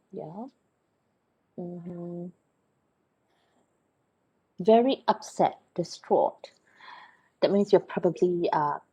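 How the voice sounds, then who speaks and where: A woman with a slightly husky, breathy voice gives a recorded vocabulary lesson. She sits a little low in pitch, explains patiently, and keeps checking in with her listeners. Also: dark tone, poor audio. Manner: explains patiently with many fillers and checks like "okay?" and "right?". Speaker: English teacher.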